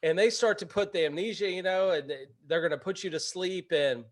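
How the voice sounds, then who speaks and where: Animated, higher-voiced man telling a story. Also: a little fast. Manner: animated, laughs while telling. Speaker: real estate investor and webinar host. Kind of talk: casual storytelling.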